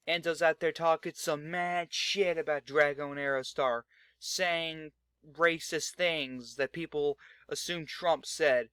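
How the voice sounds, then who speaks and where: A young man narrates his game session in loose, rambling chat, cursing casually as he goes. His voice sits a touch high. The sound is close and completely dry. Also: fairly even intonation, measured pace, sharp tone, clear, resonant tone, no room sound. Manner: rambling, chatty, swears freely. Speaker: gaming channel host. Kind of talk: casual let's-play commentary.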